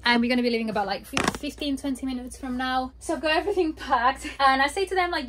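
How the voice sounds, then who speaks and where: Woman vlogging a road trip, kinda high voice, talks straight to the camera, little bit of background hiss. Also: animated, fairly quick, hardly any pauses, a bit bright. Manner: chatty and emotional, talks straight to viewers. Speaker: travel vlogger. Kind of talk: casual vlog to camera. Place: inside a campervan and around a campsite.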